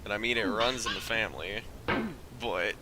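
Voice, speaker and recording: A man's voice: lowish voice, unhurried, heavy background noise. A man streaming a video game, rambling through jokey stories and laughing often as he plays. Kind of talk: casual gameplay commentary. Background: game music.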